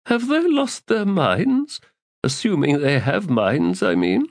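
A man voicing a sharp-tongued, haughty young woman with a harsh, scornful manner. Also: high voice, very animated, takes it slowly, no echo, clean studio sound, voice pushed up, full character voice.

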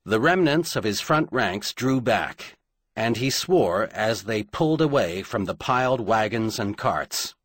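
Husky man narrating an audiobook. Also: lowish voice, expressive, fairly bright tone, no echo. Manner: dramatic, measured storytelling.

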